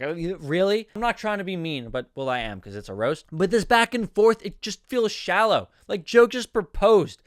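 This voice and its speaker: A man's voice: high-pitched, a bit bright, no echo, studio quality. A young man giving a candid screenplay critique as a screenwriting coach, often stumbling into restarts.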